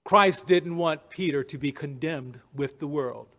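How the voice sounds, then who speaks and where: A man preaching a sermon, dramatic and dropping low and soft for emphasis. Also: measured pace.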